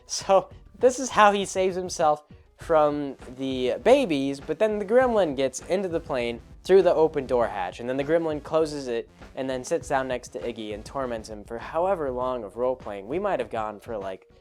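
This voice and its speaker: A man hosting a show, rambling through an anecdote about a tabletop game and repeating words as he goes. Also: mid-range voice. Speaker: host.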